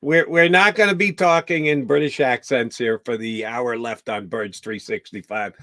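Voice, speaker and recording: Bright, dry-voiced sports talk host. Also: male voice, mid-range voice, normal speed, hardly any pauses, dry recording. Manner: joking, conversational, reads ad reads.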